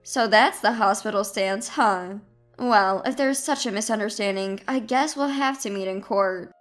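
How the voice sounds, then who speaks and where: A woman voicing a calm, confident male lawyer who speaks amiably and firmly in a storybook drama. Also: mid-range voice, moderate pace, faint music behind, close to an everyday voice.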